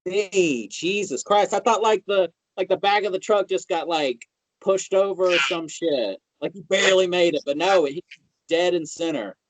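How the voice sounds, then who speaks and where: A man's voice: high voice, moderate pace, no echo, poor audio. A man hosting a podcast in casual chat, reacting a lot and talking in loose, slangy, swearing speech. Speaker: podcast host.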